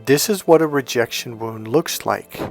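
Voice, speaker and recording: A man's voice: mid-range voice, moderate pace, gravelly. Casting note: man with a mid-range voice, casual storytelling coach, rambling, re-enacts dialogue, faint music underneath. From United States. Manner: rambling, retells dialogue, swears when worked up. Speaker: dating coach.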